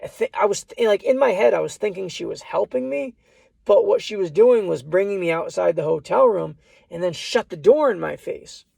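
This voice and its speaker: A man's voice: high-pitched, lively intonation, moderate pace, vocal fry, darkish tone, husky, no room sound. A man casually telling a personal story, rambling and restarting his lines, often repeating "I said".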